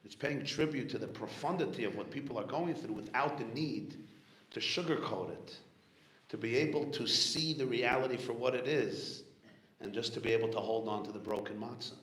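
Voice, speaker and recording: A man speaking as a rabbi, telling a personal story in a reflective, earnest sermon and quietly acting out the voices in it. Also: mid-range voice, normal speed. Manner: earnest, reflective storytelling with soft spoken asides. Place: community hall gathering. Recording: echoey room, faint background noise.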